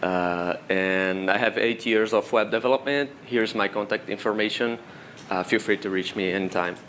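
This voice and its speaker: A man's voice: lowish voice, normal speed, a little hiss or hum. Brazilian man giving a technical talk. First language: Portuguese. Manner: explanatory, steady walk-through of technical steps. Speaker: conference speaker. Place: conference room.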